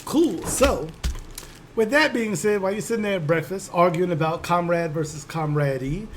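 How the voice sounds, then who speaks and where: A man narrating as game master in a casual, profane, animated storytelling style. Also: sits high, moderate pace, a little hiss or hum.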